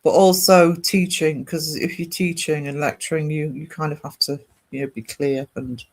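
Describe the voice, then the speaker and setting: Chatty English man, slightly high voice. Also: steady tone, normal speed. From Northeast England. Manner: rambling, chatty, talks to viewers by name. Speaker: art streamer. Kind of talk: casual chat while streaming.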